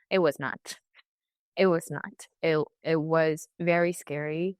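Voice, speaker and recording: Low-voiced woman sharing a hard story. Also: steady tone, no echo. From California. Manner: halting, emotional, many restarts and quoted asides. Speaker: interview guest. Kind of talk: candid personal account.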